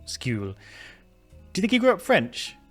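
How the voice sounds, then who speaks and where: Guy muttering thru a mystery game, lots of ums, jokey about himself, mid-pitched, quiet music underneath. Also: expressive, measured pace. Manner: thinks aloud, rambling with many fillers and self-corrections; self-mocking and chatty. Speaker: gaming video host. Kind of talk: casual let's-play commentary.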